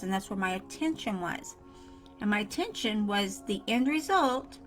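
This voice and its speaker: A woman giving a casual motivational tutorial straight to her viewers, earnest and repetitive. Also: medium pitch. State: coughing fits. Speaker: self-help vlogger.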